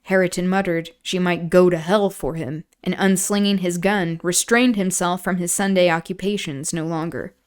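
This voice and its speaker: A woman's voice: on the low side, normal speed, few pauses, smooth. Woman reading a classic novel aloud. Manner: relaxed, chatty asides and laughter between passages.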